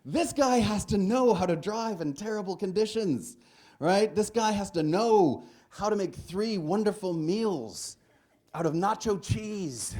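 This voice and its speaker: Speaking through a stage mic to a live crowd in a large hall, a man delivers a stand-up keynote story with animated pitch range. He plays both himself and his doctor in their conversation.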